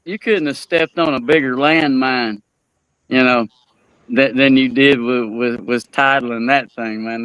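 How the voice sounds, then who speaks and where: A man's voice: mid-range voice, fairly bright tone, no echo. A man co-hosts a podcast and jokes around with the guests, laughing often. His voice sits in the middle range. The sound is dry and close. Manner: joking, laughs a lot. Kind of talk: casual chat.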